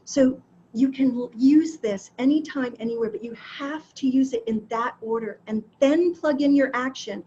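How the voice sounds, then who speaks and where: A woman's voice: high-pitched, moderate pace. A woman coach teaching an online class, encouraging and chatty, laughing now and then. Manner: warm, encouraging, laughs often. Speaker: wellness coach. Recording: dull lo-fi sound with faint background noise.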